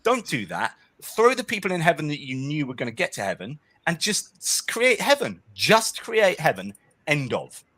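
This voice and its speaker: A man's voice: on the high side, sing-song, brisk, hardly any pauses, a bit bright. A man speaking as a guest in a casual discussion, arguing animatedly and often checking in with "right?". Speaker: guest author.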